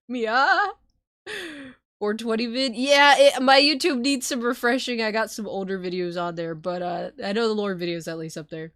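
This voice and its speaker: A woman streamer, not a native English speaker, talks casually to her chat with frequent laughs and swearing. Her voice sits in a middle pitch, recorded close and dry with little room sound. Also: brisk, few pauses, fairly bright tone, no echo. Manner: loose, swearing, laughs often. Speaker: streamer reading a book aloud.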